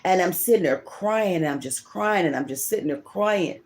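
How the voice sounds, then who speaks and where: Her pitch is fairly low and her delivery expressive, at a normal speed. She is a middle-aged tarot reader and channel host recounting something personal in a rambling, emotional way, repeating herself frequently.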